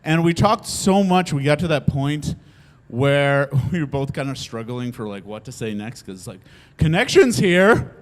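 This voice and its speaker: A man's voice: medium pitch, normal speed. A young man telling a funny personal story on stage, laughing often and acting out the voices of the people in it. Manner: animated, laughs often, acts out quotes. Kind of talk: live comedic storytelling.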